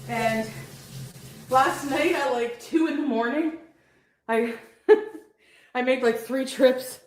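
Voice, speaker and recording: A woman's voice: sits high, takes it slowly. Rambling woman in an echoey room. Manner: rambling, hesitant, greets chat by name. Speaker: vlogger being watched. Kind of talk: casual live-stream chat.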